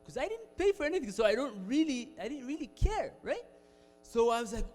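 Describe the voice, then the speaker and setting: A man's voice: very high-pitched, big pitch swings, brisk, darkish tone. A young Egyptian man telling a casual story on stage, chatty, with many fillers and frequent laughs. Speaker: speaker at an alumni talk. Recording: hall reverb with faint music.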